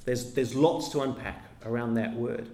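A man teaching a sermon in an earnest, measured way, often restarting and repeating phrases. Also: mid-range voice, fairly even intonation, mellow, roomy sound. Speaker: preacher.

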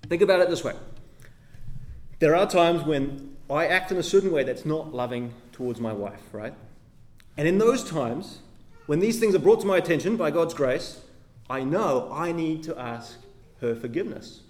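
A man's voice: a little high, lively intonation, moderate pace, darkish tone. A man preaching a sermon, reading scripture aloud and then explaining it with emphatic delivery and frequent tag questions. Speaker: pastor.

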